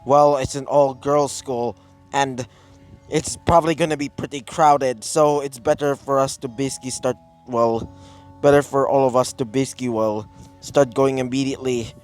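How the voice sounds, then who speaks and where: A man voicing an upbeat teenage boy hero who talks in a hurried, explaining way. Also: medium pitch, steady tone, a little mellow, soft background music, natural voice.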